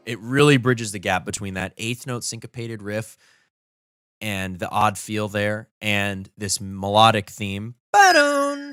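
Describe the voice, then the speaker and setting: A man explaining how he is composing and arranging a song during a livestream. He thinks aloud with enthusiasm and sings rhythms and melody lines out loud to show his ideas. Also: on the low side. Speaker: musician streaming his composing session. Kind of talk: casual explanatory livestream talk.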